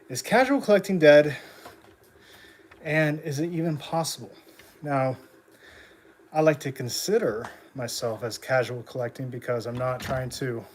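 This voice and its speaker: A man's voice: mid-range voice, a little hiss or hum. A young man hosting a casual livestream while riding an exercise bike, slightly out of breath, chatting and hyping up his viewers. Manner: talks while pedaling an exercise bike, a bit winded; upbeat hype when greeting chat. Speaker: livestream host.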